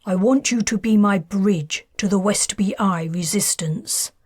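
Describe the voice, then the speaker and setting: A woman voicing a smooth, scheming man of high society who bargains in clipped lines, in an audiobook. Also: unhurried, darkish tone, dry recording, clean studio sound. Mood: bargaining.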